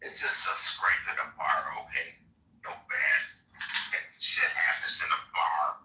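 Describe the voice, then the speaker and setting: An older man talking gruff and loose, swearing casually. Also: very deep voice, steady tone, a little slow, pushed and bright, roomy sound, recorded from a distance, low-quality recording. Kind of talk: casual chat.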